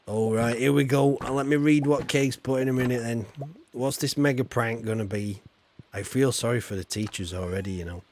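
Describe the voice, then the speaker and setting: A chatty man with a Yorkshire accent, talking through a game stream in a loose, self-deprecating way. His voice sits at a middling pitch, and he answers his chat as he plays. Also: brisk, a little mellow, a little hiss or hum. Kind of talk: casual livestream commentary.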